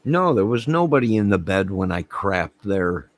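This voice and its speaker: A man's voice: on the low side, very animated, moderate pace. A man hosting his own channel, telling a rambling comic story and laughing at his own jokes while acting out the quotes. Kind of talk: rambling comic anecdote to camera.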